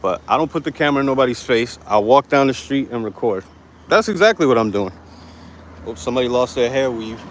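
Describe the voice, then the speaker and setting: Walking city sidewalks and live-streaming from a handheld phone, a man talks to the camera with a medium-pitched, lively voice, a little fast. He's hot and sweating, brash, defiant and profane. Faint street traffic and outdoor noise sit in the background of this street vlog.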